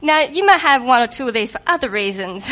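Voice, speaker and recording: Higher-voiced woman preaching casually. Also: brisk. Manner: lively, conversational and humorous. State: recovering from a cold. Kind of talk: sermon.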